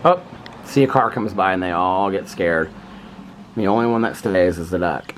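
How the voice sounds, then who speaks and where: A middle-aged man vlogging at home in casual chat, excitable and chatty, breaking off now and then to talk about animals in the yard. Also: low-pitched, normal speed, a little hiss or hum.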